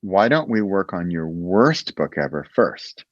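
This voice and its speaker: Guy chatting on a podcast, super expressive voice, muffled dry audio. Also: deep voice, a little slow, no echo. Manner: animated, laughs often, acts out dialogue. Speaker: podcast guest, writing coach. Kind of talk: casual conversation.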